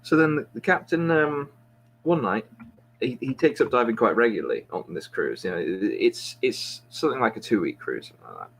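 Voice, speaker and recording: A man telling a long joke in a loose, rambling way, often stopping to restart his sentences and tease himself. His pitch sits in an ordinary middle range, and there is a faint noise in the background. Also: expressive, brisk, creaky, low-quality recording. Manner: rambling, self-mocking storyteller with frequent restarts. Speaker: podcast host. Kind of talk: casual joke telling among friends.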